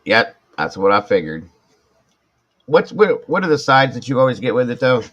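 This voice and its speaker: A man's voice: medium pitch, big pitch swings, moderate pace, fairly bright tone, lo-fi sound. A man in his forties hosting a live stream, chatting casually and rambling with self-mocking asides while he reads viewer comments. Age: 40s.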